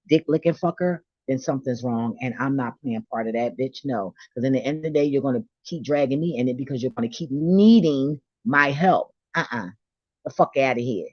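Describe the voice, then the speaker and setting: A woman's voice: very deep voice, no echo, highs cut off. A woman delivering a blunt, profane, preachy rant on faith, confrontational and unfiltered, to her own channel. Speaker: vlogger. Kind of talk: ranting spiritual monologue.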